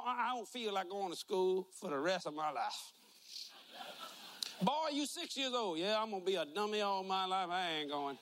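A man's voice: high-pitched, fairly bright tone. A man preaching a humorous sermon, mixing folksy jokes and stories with emphatic points about faith. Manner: joking, folksy storytelling, emphatic.

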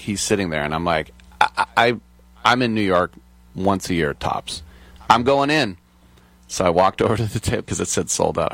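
A man hosting a comedy talk show, telling lively anecdotes and acting out the people he quotes. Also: sits low, creaky, no echo. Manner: enthusiastic anecdotes, acts out quoted voices. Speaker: podcast host. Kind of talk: casual chat.

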